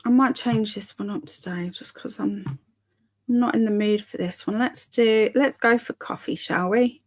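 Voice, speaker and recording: A woman's voice: medium pitch, measured pace. A young woman hosting a live stream, chatting casually and reading viewer comments aloud in a giggly, bemused way. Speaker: livestream host.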